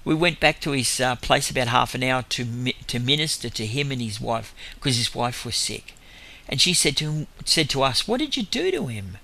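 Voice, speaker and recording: A man's voice: medium pitch, steady tone, normal speed, bright, forceful tone. A man with an Australian accent tells faith stories in a rambling way, chuckling between them and correcting himself as he goes. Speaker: lay minister. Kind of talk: storytelling testimony.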